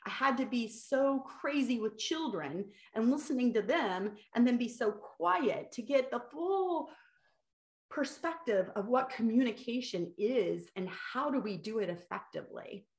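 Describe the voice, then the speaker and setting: Middle-aged woman guest, chatty and animated, echoey room sound. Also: on the high side, a little slow. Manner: animated, acts out quotes. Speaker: guest, keynote speaker. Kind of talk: podcast interview conversation. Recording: roomy echo.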